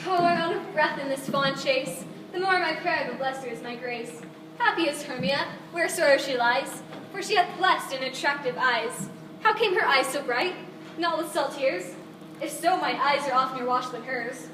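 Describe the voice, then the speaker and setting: Lady playing a heartsick young woman begging, high voice, far off. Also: normal speed, a bit bright, slight background noise. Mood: forlorn. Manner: pleading, declaimed verse. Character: lovesick young woman, spurned and pleading. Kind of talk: outdoor stage acting. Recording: distant echoey stage recording with ambience.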